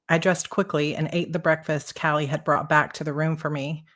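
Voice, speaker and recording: She's an author in a live session: first a bubbly, excitable chat with the crowd full of fast restarts, then a reading of her own novel. Her voice is low.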